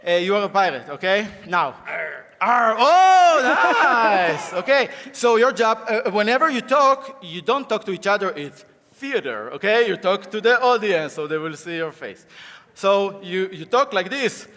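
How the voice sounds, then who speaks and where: A man with a sore throat gives a live conference talk, playfully coaching volunteers on stage in an animated way. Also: high-pitched, moderate pace, few pauses. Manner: playful, animated, coaxing the audience. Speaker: conference speaker. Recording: long hall reverb, faint crowd noise.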